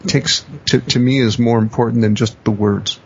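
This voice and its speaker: A man's voice: mid-range voice, steady tone, normal speed, gravelly, breathy edge. A man, a coach and teacher, explaining ideas in a reflective podcast conversation, often rephrasing himself. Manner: reflective, repeats and rephrases, acts out quoted phrases. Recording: dull lo-fi podcast audio.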